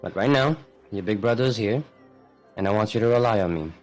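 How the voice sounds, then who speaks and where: A man's voice: fairly low pitch, a little fast, soft background music, close to an everyday voice. A man playing an earnest lion-folk big brother.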